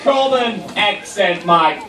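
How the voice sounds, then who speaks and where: Here is a jolly shark who calls everyone mate, as a man puts him on in a put-on Australian accent. The voice sits high and sounds far from the mic. An echoey room with a crowd of children fills the space behind him. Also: animated, takes it slowly. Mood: jovial. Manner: hearty, says mate constantly. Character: friendly blustery male shark, Aussie bloke.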